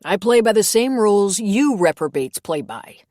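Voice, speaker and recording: A woman's voice: mid-range voice, big pitch swings, moderate pace, darkish tone, no echo, clean studio sound. A woman reading the lines of a cheerful, joking male priest in an audiobook. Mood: playful. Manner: playful, mock-offended.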